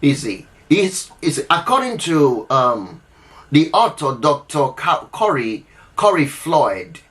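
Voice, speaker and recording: A man's voice: fairly high pitch, sing-song, slow, a bit bright. A man hosting a relationship advice talk, speaking earnestly and emphatically, repeating himself and checking in with the listener. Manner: earnest, repetitive, emphatic, with frequent restarts and "all right?" check-ins. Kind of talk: unscripted advice talk to camera.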